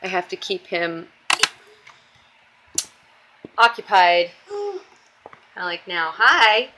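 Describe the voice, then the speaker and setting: A woman's voice: lowish voice, slow pace, bright, forceful tone, a little hiss or hum. A young woman vlogging casually at home as a mom, chatty and doting, often stopping to coax her toddler.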